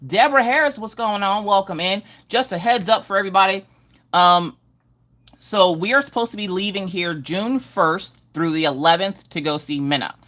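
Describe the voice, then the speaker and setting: A middle-aged woman hosts a casual livestream from home, speaking at a moderate pace in a medium-pitched, fairly bright voice. She greets viewers by name in a sing-song way.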